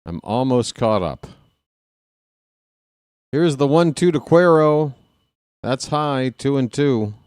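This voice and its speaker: A man streaming casual live baseball play-by-play, chatting with viewers and reading out their names between pitches. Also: expressive, slow pace, long pauses, darkish tone, clear, resonant tone, no room sound, clean studio sound. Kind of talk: live play-by-play with chat shout-outs.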